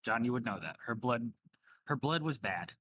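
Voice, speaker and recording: A male game master narrating a tabletop game in a casual, joking way, with plenty of ums and restarts. His voice is bright and forward, at a middle pitch. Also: expressive, moderate pace, no echo.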